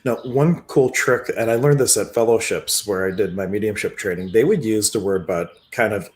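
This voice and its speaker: This host of a casual livestream chat has a fairly low voice and talks at a moderate pace. He is easygoing and relaxed, chuckling often as he tells his stories.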